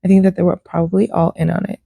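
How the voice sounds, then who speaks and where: A woman hosts a reaction, talking in a casual, animated way and speaking straight to her listeners. Her voice is low, gravelly and mellow. It is recorded dry and close. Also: rapid-fire, no room sound. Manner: animated, slangy, addresses listeners as "y'all" and "ladies". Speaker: host reacting to a clip.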